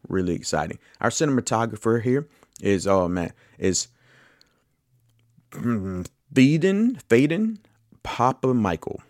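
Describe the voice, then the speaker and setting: A man with a very deep voice talks through a movie podcast in a loose, enthusiastic ramble, stopping now and then to correct himself. The sound is dry and close, with no room around it. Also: dry recording. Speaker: podcast host. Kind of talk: casual movie podcast monologue.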